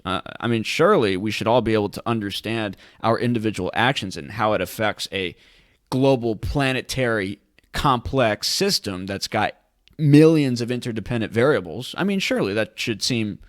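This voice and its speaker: Sarcastic man with a low voice. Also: normal speed, no echo, clean studio sound. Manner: sarcastic, rhetorical questions. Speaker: host of a cryptocurrency commentary channel. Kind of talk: casual commentary reading news articles aloud.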